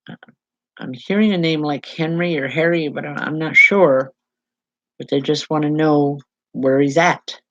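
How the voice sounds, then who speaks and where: A woman medium giving a live spiritual reading to viewers, speaking in halting, repeated phrases with soft reassurance. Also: sits low, steady tone, no room sound, muffled recording. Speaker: psychic medium.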